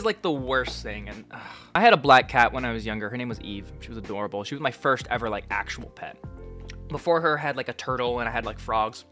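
Bright-voiced sarcastic young man. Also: medium pitch. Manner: sarcastic and animated, swinging from mumbled asides to sudden yelps. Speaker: content creator. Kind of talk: reading fan messages aloud, casual vlog.

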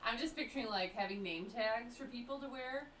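A woman's voice: on the high side, a little fast, fairly bright tone. A woman co-hosting a trivia stream, chatting and bantering casually and giggling often. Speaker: co-host. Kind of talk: casual chat. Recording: echoey room, distant mic.

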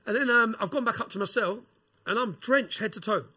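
A man tells a rough story on a podcast, animated and quick. His voice sits high and sounds husky, with a bright edge. He swears and uses slang. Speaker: podcast guest. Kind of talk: casual storytelling.

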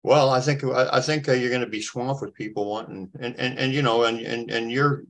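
A man's voice: medium pitch, steady tone, a little fast, a bit bright. A male talk show host who asks joking questions and stammers over repeated words. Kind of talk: casual chat.

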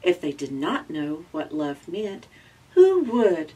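Southern lady reading a kids book real slow, kinda husky, sounds a bit far from the mic. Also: low-pitched. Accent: Southern American. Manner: gentle, slow storytelling with raised voices for characters. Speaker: librarian reading aloud. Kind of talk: children's picture-book read-aloud.

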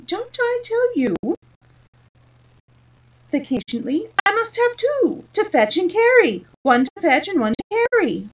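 A woman voicing a fussy, excitable old male king in a storybook read-aloud, high and fretful. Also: moderate pace, low-quality recording.

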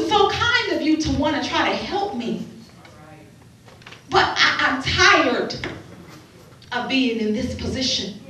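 A woman pastor preaching a sermon with impassioned swells that drop to a hush, heard in a large church. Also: high voice. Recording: echoey hall, far from the mic.

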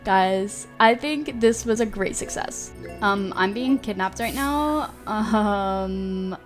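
A woman hosting a gameplay vlog, talking in a gushing, excitable way and often repeating herself. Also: mid-range voice, slow, faint music behind. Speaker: gaming channel host.

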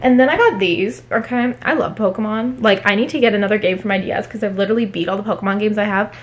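A woman chatting casually at home in a haul vlog, talking fast with many fillers. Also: mid-range voice. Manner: chatty, fillers every few words. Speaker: book vlogger.

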